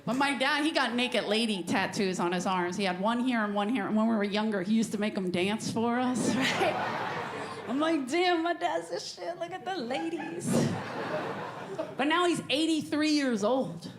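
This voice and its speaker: A woman's voice: fairly high pitch, normal speed. A woman comedian doing a brash, sarcastic stand-up set on a club stage. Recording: echoey club with crowd noise.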